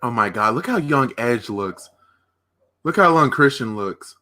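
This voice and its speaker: A man hosting a live watch-party stream, reacting with excited, rambling commentary that often breaks off mid-sentence. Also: mid-range voice, a little slow. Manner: restarts and trails off mid-sentence.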